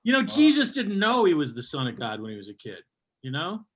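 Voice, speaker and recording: A man's voice: a little high, huge pitch swings, fast, fairly bright tone. A man hosting an online comedy show, chatting casually with short, upbeat remarks. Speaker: show host. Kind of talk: casual chat.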